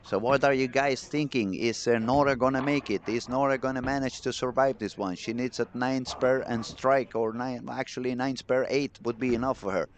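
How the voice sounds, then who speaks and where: Excitable male bowling commentator. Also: mid-range voice, normal speed, few pauses, a little hiss or hum. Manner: excitable, chatty, talks to the chat. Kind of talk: live sports commentary.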